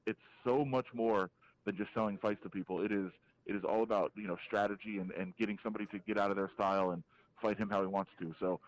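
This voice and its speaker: A man's voice: lowish voice, low-quality recording. Opinionated man breaking down fights. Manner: animated, opinionated breakdown with frequent restarts. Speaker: MMA reporter, guest. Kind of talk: casual podcast interview, calling in.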